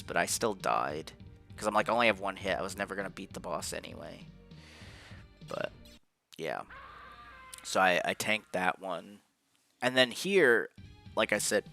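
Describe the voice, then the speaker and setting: A man's voice: sits low, sharp tone. A man giving casual, rambling commentary over his own gameplay footage, frustrated and swearing often. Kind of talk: casual post-game commentary. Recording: faint game music behind.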